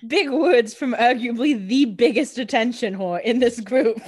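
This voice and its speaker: A chatty young woman trading quick jokes as a podcast co-host. Her voice sits a little high, and she fills her talk with "like" in a loose, easy flow. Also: darkish tone, breathy edge. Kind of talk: casual recap chat.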